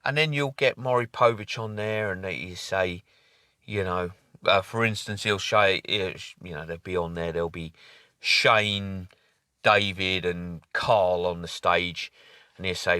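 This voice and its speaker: Rambling man, bright voice. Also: lowish voice, measured pace, clean tone, no echo, studio quality. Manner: rambling, frequent fillers and restarts. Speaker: vlogger. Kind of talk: casual opinion monologue.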